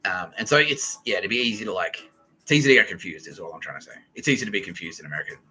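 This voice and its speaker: Male podcast host, lowish and very bright-toned, rambling and profane. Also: animated, rapid-fire, slight background noise, rough recording. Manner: rambling and profane, laughs often. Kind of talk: casual monologue.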